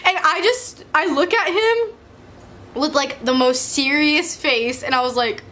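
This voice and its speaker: A young woman chatting to camera in a casual storytime vlog, her voice high and bright. She rambles loosely and swears freely, filling her sentences with "like" and "you know." She often breaks into laughter mid-sentence. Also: big pitch swings, unhurried. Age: young adult. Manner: laughs often while talking. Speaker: vlogger.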